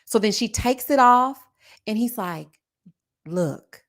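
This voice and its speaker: A woman hosting a live review of a reality show, sassy and expressive, talking straight to her viewers. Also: a little high, a little slow.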